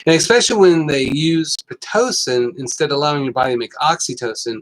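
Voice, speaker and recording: A middle-aged man hosting a casual health talk, telling stories with lots of fillers and getting animated. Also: fairly high pitch, fast, low-quality recording. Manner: rambling, animated storytelling with fillers. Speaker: host.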